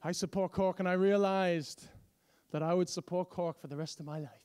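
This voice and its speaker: Animated high-voiced male stand-up comic. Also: moderate pace, clean tone. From United States. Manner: animated, shouting bits, swearing. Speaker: stand-up comedian. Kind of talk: live stand-up comedy. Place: large live venue with audience. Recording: live show with audience noise.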